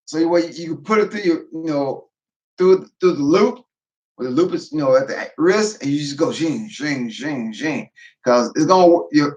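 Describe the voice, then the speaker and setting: A man hosting a casual livestream, talking in a tired, low-energy way and often repeating and restarting his phrases. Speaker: livestream host, veteran prepper.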